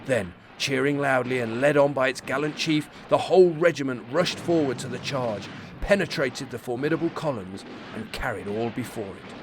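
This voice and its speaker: A man's voice: medium pitch, moderate pace, a little hiss or hum. A man hosting a history podcast, reading scripted narration with casual asides. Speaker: podcast host.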